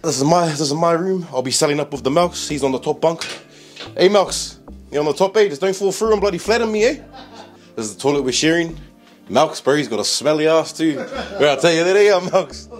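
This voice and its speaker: Young NZ-accented man, playful banter, vlog on the go, fairly high voice. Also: fairly quick, soft background music. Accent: New Zealand. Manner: joking, slangy banter with frequent laughs. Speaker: vlogger. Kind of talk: casual travel vlog.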